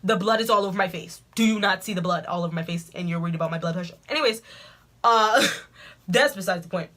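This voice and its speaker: A woman vlogger telling a storytime in an animated, dramatic way, full of asides. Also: on the low side, fast talker. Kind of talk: storytime vlog.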